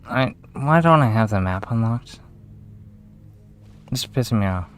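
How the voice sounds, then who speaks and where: A man's voice: medium pitch, expressive, measured pace, clean tone, faint music behind. A young man giving casual, swearing commentary as he plays a game, muttering to himself and getting easily aggravated. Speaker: gamer streamer.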